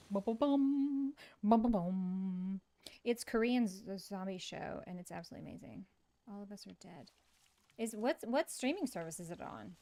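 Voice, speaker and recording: A woman's voice: mid-range voice, vocal fry, slight background noise. Woman streaming a cozy game, chatty and giggly, talking to chat. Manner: chatty, laughs often, reads and answers chat. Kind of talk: casual gaming stream chat.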